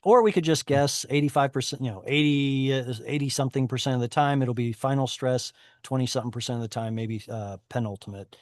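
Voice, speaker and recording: This Hebrew reading teacher, speaking on a video call, has a mid-range voice and a fairly quick pace with few pauses. He talks chattily, explains things at length, and frequently corrects himself. The clean studio sound carries no echo.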